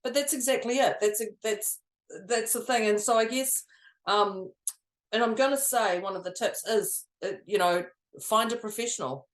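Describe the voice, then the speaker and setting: A woman's voice: a little high, normal speed, echoey room. A woman co-hosting a podcast as a coach, talking in a chatty way and laughing often. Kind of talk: casual chat.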